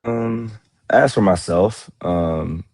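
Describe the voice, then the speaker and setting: A congested man co-hosting a casual sports podcast, telling rambling, excitable stories about his week. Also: sits low, drawn-out words, no echo. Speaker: podcast co-host.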